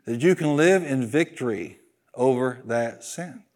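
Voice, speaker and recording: A male pastor preaching a sermon, animated and joking, leading the congregation in call-and-response. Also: medium pitch, unhurried.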